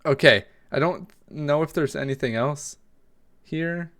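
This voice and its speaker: A man's voice: fairly high pitch, unhurried, fairly bright tone. A man hosting a reaction video, chatting casually and wondering aloud as he talks. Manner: rambling, self-questioning, chatty.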